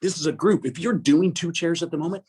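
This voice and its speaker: Older guy with a husky voice, rambling and stopping and restarting, laughing a lot as he tells his story. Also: on the high side, mellow. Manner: rambling, halting, laughs often. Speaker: guest. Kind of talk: emotional personal storytelling.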